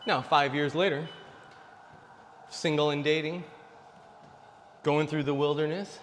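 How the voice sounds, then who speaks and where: A man's voice: fairly high pitch, fairly even intonation, unhurried, pauses often, fairly bright tone, in a large hall, slight background noise. A man in his forties giving blunt dating advice to male viewers in a casual, preachy monologue. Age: 40s. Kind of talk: casual direct-to-camera monologue.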